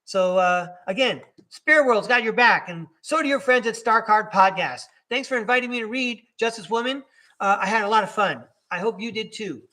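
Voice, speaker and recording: Man, high bright voice, chatty live-stream tarot host who laughs and self-corrects. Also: normal speed. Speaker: podcast host reading tarot.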